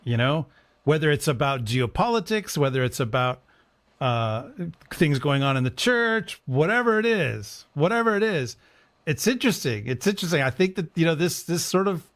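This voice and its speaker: Lively man hosting a discussion. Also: fairly high pitch, normal speed. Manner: lively, reads passages with rising emphasis. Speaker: podcast co-host, priest. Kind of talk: casual discussion with dramatic reading.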